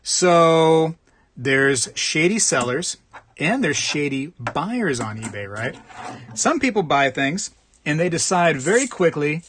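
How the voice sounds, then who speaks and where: Man, livestream host, casual rambling chat, slightly high voice. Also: very animated, takes it slowly, fairly bright tone, slight background noise. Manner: rambling, chatty, reads out chat.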